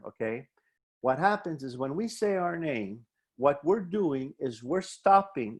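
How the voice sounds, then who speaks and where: A man presenting a wellbeing webinar, animatedly explaining coping strategies, acting out both sides of imagined dialogues and guiding slow breathing exercises. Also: on the high side.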